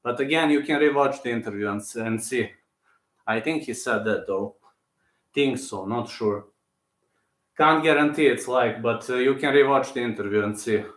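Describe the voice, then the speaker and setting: A man's voice: mid-range voice, moderate pace, fairly bright tone. A man hosting his channel in casual live-stream chat, answering viewers and often repeating himself. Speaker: channel host. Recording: roomy echo.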